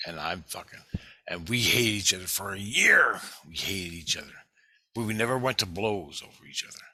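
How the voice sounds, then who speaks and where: A middle-aged man telling rambling, profane stories from his past in a casual monologue, getting loud when excited. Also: low-pitched, moderate pace, husky, no room sound. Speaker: vlogger.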